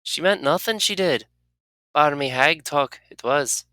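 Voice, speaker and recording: A player voicing a prickly young tiefling woman, gruff and defensive. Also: mid-range voice, lively intonation, measured pace, sharp tone, dry recording, voice pushed up. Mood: dismissive. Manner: gruff, defensive, inverted word order. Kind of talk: reading game dialogue aloud.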